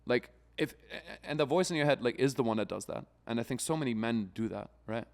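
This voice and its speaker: A man with a medium-pitched voice and some vocal fry talks briskly as a podcast co-host. His casual banter is profane and animated, and he often acts out other people's voices.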